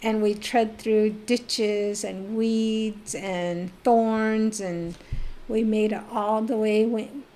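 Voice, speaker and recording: A middle-aged woman from the Navajo Nation, telling her life story as a podcast guest in a lively, animated way. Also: mid-range voice, very slow. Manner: animated storyteller who acts out remembered voices. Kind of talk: personal storytelling in a casual interview.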